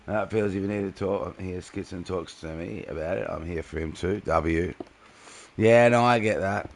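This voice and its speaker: A man's voice: low voice, moderate pace, vocal fry. A young man streaming a game, chatting casually and answering viewers' messages by name. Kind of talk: casual live-stream chat while gaming.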